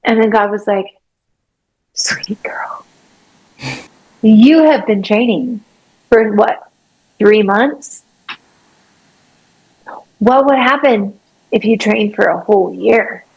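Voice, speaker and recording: A woman guest sharing a faith testimony in conversation, animated and acting out her own prayers with sudden leaps in pitch. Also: slow pace, creaky, long pauses, poor audio. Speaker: podcast guest, artist and obstacle-course athlete.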